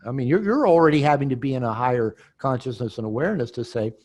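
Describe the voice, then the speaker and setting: A man's voice: medium pitch, fast, a little mellow. A man, an author and guest on an interview podcast, teaching and explaining while acting out example dialogue.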